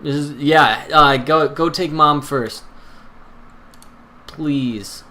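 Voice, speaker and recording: A young man commenting on a video game as he plays, excitable, nervous and self-deprecating. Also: a little high, drawn-out words. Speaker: gameplay commentator. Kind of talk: let's-play commentary.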